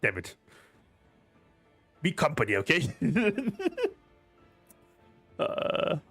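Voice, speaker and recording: A man's voice: a little high, very animated, extremely slow, creaky, a bit bright, breathy edge, faint music behind. A man streaming a game, reading the story text aloud and chatting, laughing and swearing easily, a bit teary-eyed.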